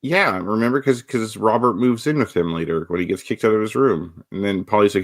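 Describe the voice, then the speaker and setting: A man's voice: fairly low pitch, a little fast, no echo, studio quality. A man co-hosting a casual film podcast, asking questions and holding firm in debate. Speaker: podcast co-host.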